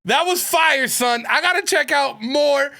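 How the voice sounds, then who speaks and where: A man's voice: very high-pitched, unhurried, over loud music. A man hosting a reaction video, commenting in casual slang. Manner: slangy, emphatic. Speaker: reaction channel host.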